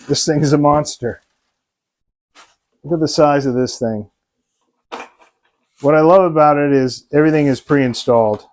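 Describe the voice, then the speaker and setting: A man's voice: fairly high pitch, darkish tone. A man hosting a hobby vlog, narrating an unboxing in a casual, enthusiastic way with frequent ums and uhs. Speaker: RC model hobbyist and channel host.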